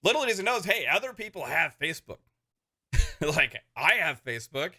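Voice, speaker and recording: Podcast co-host, very bright tone, animated teller of anecdotes. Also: male voice, fairly high pitch, normal speed, slightly rough. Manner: animated storyteller, many fillers. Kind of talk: casual chat, storytelling.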